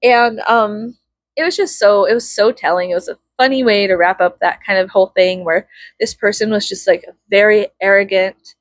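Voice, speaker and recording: A woman's voice: mid-range voice, fairly even intonation, moderate pace, no echo. Casual storyteller: woman with a mid-range voice, foul-mouthed and chatty, dry close sound. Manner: chatty, profane, laughs often, dramatic.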